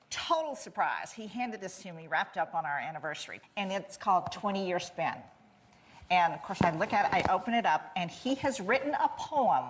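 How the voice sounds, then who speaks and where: An older woman telling heartfelt family stories as a talk-show guest, choking up as she speaks. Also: mid-range voice. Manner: tearful, chokes up. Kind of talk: emotional talk-show storytelling.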